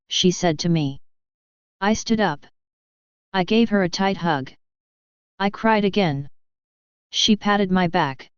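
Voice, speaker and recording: Slow, clear woman narrating an audiobook. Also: fairly low pitch, no room sound. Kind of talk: first-person audiobook narration. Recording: dull, dry lo-fi audio.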